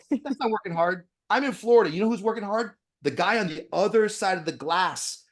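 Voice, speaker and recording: A man who is a dentist, a guest on a podcast interview, talking bluntly with profanity and animated storytelling. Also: high-pitched.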